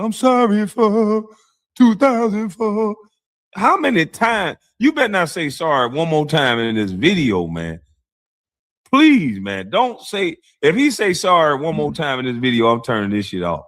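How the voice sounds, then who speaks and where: Animated, mocking streamer man. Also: mid-range voice, normal speed. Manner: mocking, animated, laughs often, blunt slang. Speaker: streamer, show host. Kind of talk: casual livestream reaction commentary.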